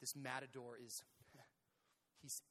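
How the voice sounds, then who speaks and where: A man preaching a sermon, telling a story in an animated way, acting out scenes with shouts and sound effects. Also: mid-range voice, slow. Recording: long hall reverb.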